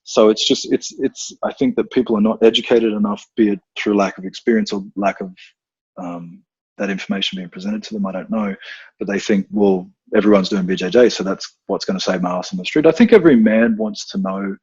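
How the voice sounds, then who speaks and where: A man talking as a podcast guest, blunt and profane, telling animated stories in casual conversation. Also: on the low side, fairly quick, slightly rough, dry recording, muffled recording. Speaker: podcast guest, combat instructor.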